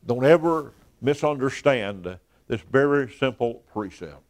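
Male preacher, emphatic evening sermon, repeats words for weight, trails off low. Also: measured pace. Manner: emphatic, with repeated words and falling phrase ends.

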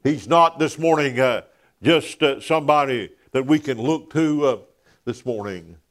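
A man preaching a sermon in a church, filling pauses with "uh" and dropping to a near whisper on key words. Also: medium pitch. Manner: preaching with frequent "uh" fillers, dropping to hushed emphasis.

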